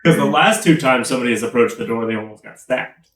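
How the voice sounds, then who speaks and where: A man running a tabletop game as game master, narrating casually with halting pauses and fillers. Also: mid-range voice, fairly bright tone. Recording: roomy echo, from far off.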